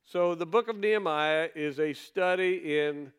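A male pastor preaching in a clear, smooth voice that sits high for a man. He talks his congregation through scripture in an easy, conversational way. He often stops to ask them rhetorical questions. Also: a little slow. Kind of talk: sermon.

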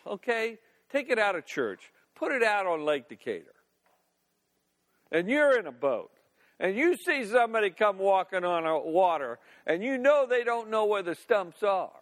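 In a church sanctuary with the long reverb of the hall, a pastor preaches in a folksy, playful style, tossing in laughing asides. His voice is high and fairly bright.

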